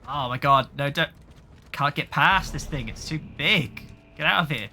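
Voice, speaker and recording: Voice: medium pitch, measured pace, bright, forceful tone, slight background noise. A gamer giving let's play commentary on a horror game, jumpy, gasping and yelping at every scare and talking back to the monsters. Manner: jumpy, constant startled gasps and yelps; talks back to the game's monsters.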